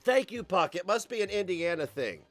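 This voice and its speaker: A man's voice: high-pitched, sing-song, fairly quick, fairly bright tone, soft background music. An American young man streaming from his computer, chatting in a rambling, crude, sarcastic way. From United States. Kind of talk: casual stream chat. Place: home computer setup.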